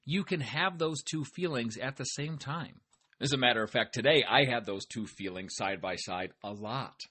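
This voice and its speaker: A podcast host who is also a farmer talks casually and cheerfully in a motivational monologue, frequently speaking to his listeners. His mid-range voice is bright, forceful, and slightly rough, at a moderate pace.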